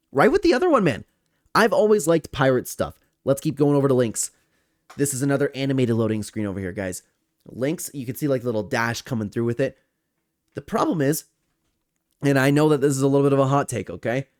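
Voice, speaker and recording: A man's voice: mid-range voice, brisk, no echo, studio quality. A young man giving casual, enthusiastic commentary as he ranks video game screens and talks straight to his viewers. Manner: enthusiastic, chatty, addresses viewers as guys. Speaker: gaming commentator. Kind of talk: casual tier-list commentary.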